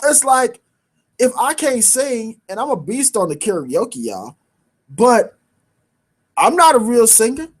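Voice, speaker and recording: A man's voice: extremely high pitch, big pitch swings, slow pace, pauses often, breathy edge. A man hosting a sports talk show, bantering in casual street slang and repeating his points for emphasis. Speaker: sports radio host.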